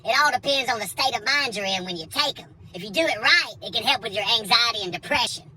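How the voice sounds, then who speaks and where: A man's voice: very high voice, expressive, quick pace, a crowd in the background, poor audio. A man voicing his laid-back male buddy in a casual, dismissive tone.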